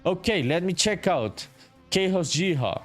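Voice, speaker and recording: A man chatting on a relaxed live stream while he builds his indie game, his voice sitting a bit high for a man. He reads viewer comments aloud, calls everyone dude and swears freely. Soft music plays faintly behind him. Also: measured pace. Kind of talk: casual live-stream chat while working.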